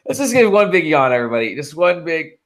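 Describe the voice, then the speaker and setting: A man's voice: a little high, very animated, quick pace. A man co-hosting a casual podcast, rambling through stories with swearing and laughter. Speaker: podcast co-host.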